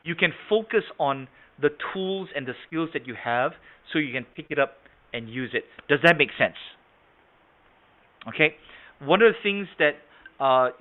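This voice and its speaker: A man leading an online sales training session, demonstrating points and often checking whether the audience follows. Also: fairly high pitch. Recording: tinny phone-like online call audio.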